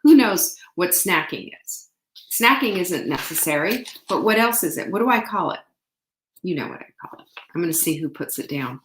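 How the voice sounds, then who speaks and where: A woman's voice: on the low side, lively intonation, normal speed, slight background noise. A woman in her sixties, a nutritionist, hosting a live question-and-answer show and talking chattily and upbeat to her viewers, teasing them as she goes. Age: 60s. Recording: echoey room.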